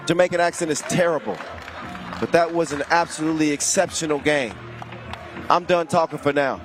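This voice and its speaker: A man calling a basketball game live, shouting with excitement and playful wordplay. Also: on the high side, fairly quick. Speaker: play-by-play commentator. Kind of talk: excitable sports commentary. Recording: loud arena crowd and music behind. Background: crowd and music.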